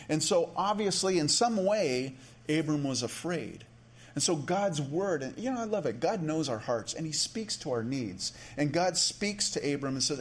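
Male pastor, sermon delivery, chatty with restarts, slightly high voice. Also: lively intonation, moderate pace. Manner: conversational, many restarts and asides.

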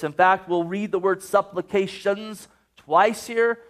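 Male pastor, middle-aged, high-pitched, fervent sermon delivery that slows for emphasis. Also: fairly even intonation. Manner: fervent preaching, slows for emphasis, repeats scripture.

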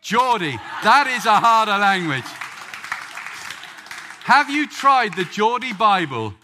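A man's voice: high voice, big pitch swings, takes it slowly, crowd noise, background noise. A man from England preaching a sermon, joking with the congregation before telling a story. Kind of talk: sermon with audience banter.

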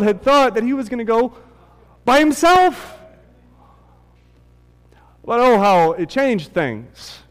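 A man preaches in a large hall, and a long reverb trails each of his words. His voice sits a little high for a man. He climbs higher and louder whenever he drives a point home. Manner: animated preaching, voice rising high and loud at peaks. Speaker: pastor. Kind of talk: sermon.

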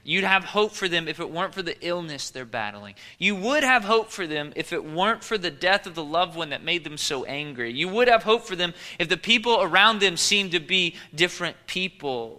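A man preaching a sermon in a conversational, animated style, telling stories and jokes to his congregation. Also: sits high. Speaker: pastor.

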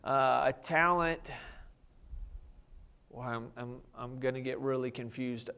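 A man's voice: medium pitch, slow pace, sharp tone, smooth. A man preaching a sermon, reading scripture and explaining it in a plain, conversational way. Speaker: pastor.

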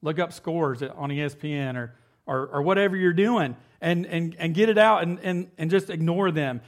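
A man's voice: on the high side, moderate pace. A man in his thirties preaching with mock-serious sarcasm, talking conversationally with many fillers. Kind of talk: sarcastic sermon.

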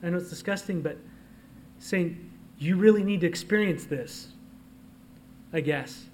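A man preaching a sermon, his voice pitched high. He moves between soft, conversational asides and loud, emphatic proclamations. A faint background noise sits under the recording. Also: a little slow. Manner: shifts from quiet asides to loud emphatic declarations. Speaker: pastor.

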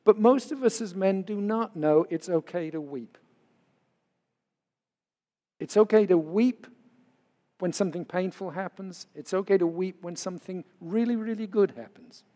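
A man's voice: sits high, unhurried, long pauses, mellow, in a large hall. A man in his sixties, a pastor, giving an earnest, conversational sermon full of personal stories.

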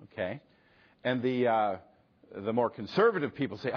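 Middle-aged male pastor, husky voice, dull lo-fi sermon recording, chatty delivery. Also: medium pitch, lively intonation, normal speed. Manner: conversational, acts out quoted exchanges, frequent "okay?".

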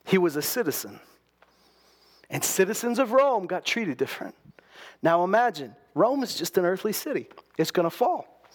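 A man's voice: high voice, very animated, moderate pace. A man preaching a sermon in a conversational way. He often restarts his sentences and acts out the quotes he tells. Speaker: pastor.

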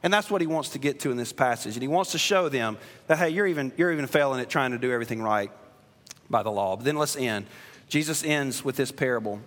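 A man's voice: mid-range voice, expressive, fast, fairly bright tone. A man, a pastor, preaching a sermon in an earnest, emphatic way, often restarting his phrases. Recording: long reverb of a large hall.

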